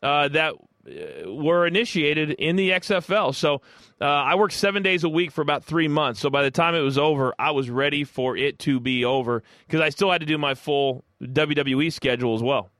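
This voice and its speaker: Guest, man from Kansas City, bright forceful voice, dry studio sound, chatty storyteller. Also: fairly high pitch, moderate pace, no room sound. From Kansas City, United States. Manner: rambling, enthusiastic, many fillers. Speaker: guest, former sports broadcaster. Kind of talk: casual interview storytelling.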